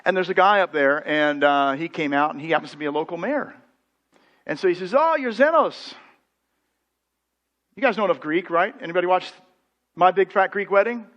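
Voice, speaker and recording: A man's voice: on the high side, brisk, fairly bright tone, lo-fi sound. A middle-aged American man preaching a sermon as pastor, telling anecdotes with quoted voices. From United States. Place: church sanctuary.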